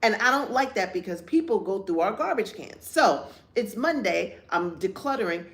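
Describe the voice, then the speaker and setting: A woman's voice: medium pitch, expressive, moderate pace. A woman in her fifties co-hosting a candid chat show, telling a story with vivid acted-out quotes and blunt, profane language. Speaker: podcast co-host.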